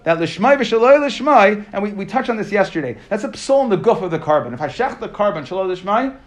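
Man, high voice, daily Talmud class, explains line by line. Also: big pitch swings, fast talker. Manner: explains text line by line, translating and asking questions. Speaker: Talmud teacher.

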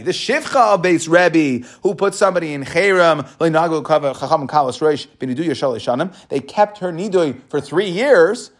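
Fast-talking man teaching a Talmud class. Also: fairly high pitch. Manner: reads Aramaic passages and explains them in casual English. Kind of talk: Talmud class, explaining the text.

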